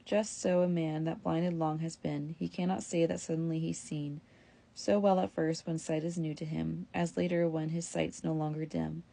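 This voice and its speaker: Woman reading as a sly young wife, creaky and low. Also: steady tone, warm tone. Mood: persuasive. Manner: pleading then brisk and self-justifying.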